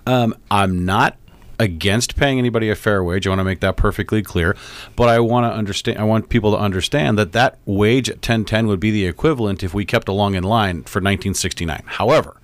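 A man appearing as a guest on a radio talk show, explaining his views in an earnest, measured way. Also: fairly low pitch, no echo. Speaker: political activist guest. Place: radio studio.

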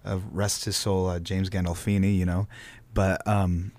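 A man who is a stage actor talks loosely in an interview, circling back over his words. His voice sits very low. The recording is dry, with no room sound. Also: little pitch movement, normal speed, a little mellow, no echo. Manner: rambling, many fillers and restarts. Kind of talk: casual interview chat.

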